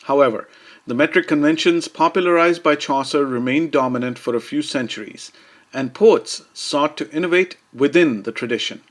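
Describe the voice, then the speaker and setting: A man giving a scripted educational narration about verse, measured and steady, slowing down to recite quoted lines. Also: fairly high pitch. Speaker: lecturer.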